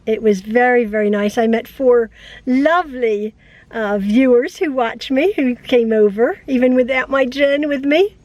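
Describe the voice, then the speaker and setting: A woman's voice: a little high, a little slow, a little mellow. An older woman vlogging casually to camera about quilting, chatty and emotional, with frequent laughs, tired after an illness. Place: at home, later in her parked car.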